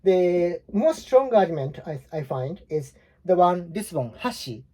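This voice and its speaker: A man's voice: high-pitched, sing-song, measured pace, warm tone. A man in his forties with a Japanese accent, teaching a language lesson in a loose, rambling way full of fillers and restarts. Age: 40s. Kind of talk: casual explanatory lesson.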